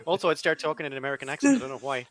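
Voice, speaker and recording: A man's voice: medium pitch, sing-song, rapid-fire. A man on a debate panel, speaking in a sardonic, wryly teasing way. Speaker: panel guest, podcaster.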